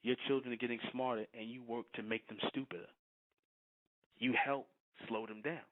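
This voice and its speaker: A man's voice: mid-range voice, steady tone, moderate pace. A man preaching to followers, repeating his points and often asking whether listeners understand. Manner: repetitive, keeps asking "you understand?". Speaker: spiritual teacher. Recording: thin phone-like lo-fi audio.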